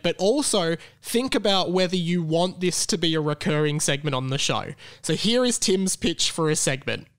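A young man hosts a podcast in loose, rambling chat and keeps correcting himself mid-sentence. His voice is smooth and sits a little high for a man. The sound is dry and close to the mic. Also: fairly bright tone, no room sound. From Australia. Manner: rambling, self-correcting storyteller. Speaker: podcast host. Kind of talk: casual solo podcast chat.

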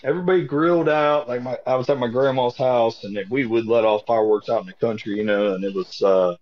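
A young man telling rowdy, cussing stories on a casual podcast, laughing along as he goes. His voice sits at a middle pitch. The sound is dull and lo-fi. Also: fairly even intonation, fairly quick. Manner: profane, laughing storyteller. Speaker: podcast co-host. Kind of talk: casual chat. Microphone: earpiece headset mic.

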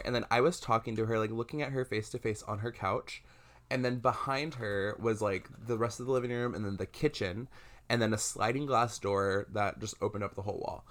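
A man's voice: medium pitch, a bit bright. A young man co-hosting a casual podcast, telling a ghost story animatedly with lots of filler words. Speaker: podcast co-host.

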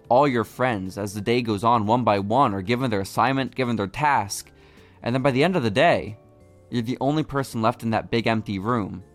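A man co-hosting a podcast, spinning long build-up stories in loose, profane banter. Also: mid-range voice. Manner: storytelling build-ups, swears freely. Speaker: podcast co-host.

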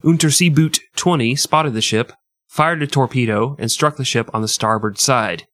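A man's voice: medium pitch, moderate pace, fairly bright tone, no room sound. A man hosts a casual history podcast, telling the story with crude jokes and frequent laughter. His voice sits in the middle range. It is recorded dry, close to the mic. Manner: crude, joking, laughs often. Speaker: podcast host.

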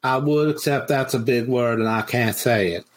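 A man's voice: medium pitch, normal speed, pitched below the performer's own voice, lightly acted. A man putting on a slurring, drawling Southern male wrestler as a comedy impression on a podcast. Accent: Southern US put-on.

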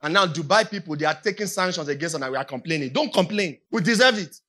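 A Nigerian woman preaches with a bright, forceful voice and a Nigerian accent. She drives her points home by repeating them, and her delivery swells from level talk into shouted emphasis. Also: lowish voice, lively intonation, quick pace. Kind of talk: sermon.

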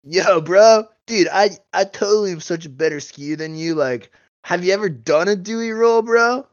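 A boastful, dim-witted young bro skier, played by a man with a slangy surfer drawl and a smooth, fairly high voice. The audio is dry and a little muffled. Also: moderate pace, no echo, lightly acted. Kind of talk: improv comedy character.

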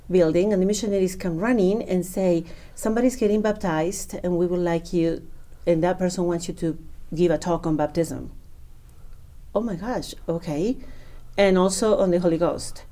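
A woman's voice: on the low side, moderate pace. Emotional woman telling a faith story. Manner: emotional, animated, acts out dialogue. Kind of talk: personal conversion story.

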